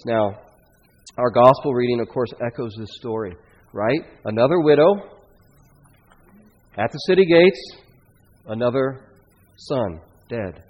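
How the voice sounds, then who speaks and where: Preacher in a reverberant church hall. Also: male voice, medium pitch, unhurried, pauses often. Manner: dramatic, rising and falling loudness when quoting scripture figures. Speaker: pastor. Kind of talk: sermon. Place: church sanctuary. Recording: dull lo-fi sound in a long-reverb church hall.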